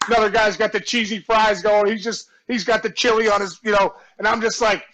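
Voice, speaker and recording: A man being interviewed, telling a story with animated energy, shouting out the punchlines, acting out other people's voices, and laughing often. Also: high-pitched, a little fast, few pauses, poor audio. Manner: lively, acts out quoted voices and shouts punchlines; laughs often, warm and effusive. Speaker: guest, former baseball player. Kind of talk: animated storytelling in casual chat.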